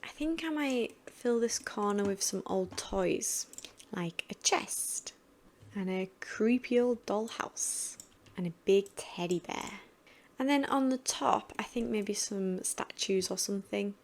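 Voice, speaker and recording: Woman, casual gameplay commentary, thinking aloud, mid-pitched voice. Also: unhurried, a little mellow. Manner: chatty, thinking aloud while building. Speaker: gaming channel host. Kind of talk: casual game build commentary.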